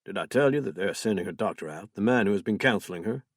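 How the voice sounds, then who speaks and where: A man reading as a distraught man whose ward has gone missing, husky and dry-toned, pleading and blaming himself. He sounds worn down and anguished, in a close, dead-sounding audiobook reading. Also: lowish voice, expressive, quick pace, no room sound, voice pushed down. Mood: weary.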